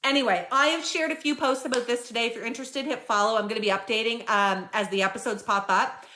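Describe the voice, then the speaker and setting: A woman hosting a live stream, chatting casually and retelling a story with lots of fillers and animated asides. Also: on the high side, fast. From Canada.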